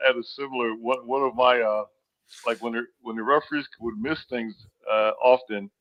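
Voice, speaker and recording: A man speaks as a guest in a relaxed sports chat, weighing his words and giving steady advice. His audio comes through muffled and lo-fi, as though his line is a bit dull. He sounds calm and deliberate. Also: medium pitch. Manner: measured, deliberate advice-giver. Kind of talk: casual basketball chat.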